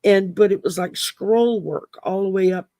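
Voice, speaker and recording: A woman's voice: medium pitch, moderate pace, dark tone, dry recording, studio quality. A middle-aged woman, co-hosting and telling stories in a casual chat, laughing often. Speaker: co-host.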